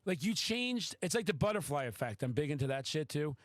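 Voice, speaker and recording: A man hosting a podcast, telling a story in casual chat, excitable and swearing freely. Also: a little high, brisk, dry recording. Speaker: podcast host.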